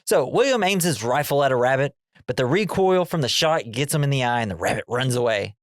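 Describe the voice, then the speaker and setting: A man chatting casually on a movie podcast, recapping a film with laughs and quick goofy character voices. His voice sits in a middle register. The sound is dry and close. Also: medium pitch, expressive, dry recording. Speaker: podcast host.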